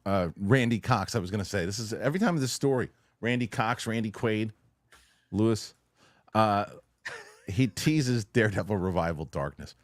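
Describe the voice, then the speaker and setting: A low-pitched man hosts a loose news-reaction chat, riffing with quick asides and frequent restarts. His voice sits close and dry on the mic, with no room sound around it. He sounds conversational and unscripted. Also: no echo. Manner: rambling, animated, loose with restarts. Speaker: show host.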